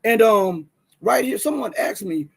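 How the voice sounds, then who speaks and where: A Southern man hosts a casual livestream, talking to his viewers as he reads from the screen. His voice sits high and sounds husky, and he pushes his points with plenty of restarts. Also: measured pace. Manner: animated, talks to viewers directly, many restarts and fillers. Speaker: livestream host.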